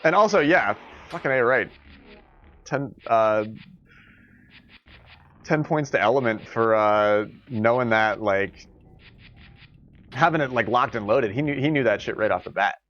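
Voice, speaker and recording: A man's voice: mid-range voice, unhurried, pauses often, a bit bright, lo-fi sound. Rambling, joking male streamer. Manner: rambling, joking, laughs often. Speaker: streamer hosting a tournament. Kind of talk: casual live-stream chat.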